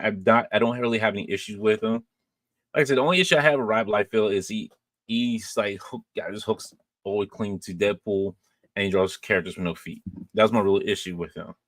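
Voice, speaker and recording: Low-voiced man reading live chat. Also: brisk, no room sound. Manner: relaxed, rambling, many fillers and restarts. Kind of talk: casual livestream chat.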